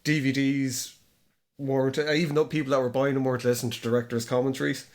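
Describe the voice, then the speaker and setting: A man's voice: mid-range voice, little pitch movement, quick pace. A man co-hosting a casual film podcast, rambling with lots of fillers and swearing. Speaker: podcast co-host.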